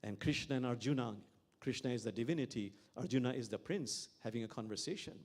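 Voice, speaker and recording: A man preaches as an imam, weaving stories into a reflective sermon. His voice sits at a mid pitch, and he often repeats key phrases. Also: quick pace, darkish tone. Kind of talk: sermon with storytelling.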